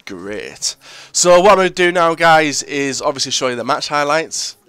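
A young man commentating his own football video game match, blunt and swearing freely with sudden loud outbursts. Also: a little high, a little fast, clean tone, dry recording. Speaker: gaming video creator. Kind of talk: live gameplay commentary.

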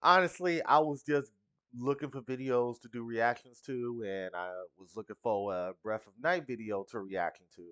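A man's voice: mid-range voice, moderate pace, a bit bright, smooth, dry recording. A young man hosting a casual reaction video, chatty and profane, laughing often.

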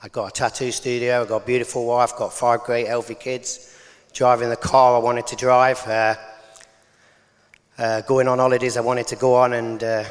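A man's voice: medium pitch, level tone, normal speed, smooth. A man, giving a blunt, earnest personal testimony in an interview. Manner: blunt working-class storytelling, plain and earnest. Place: large church hall. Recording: long hall reverb.

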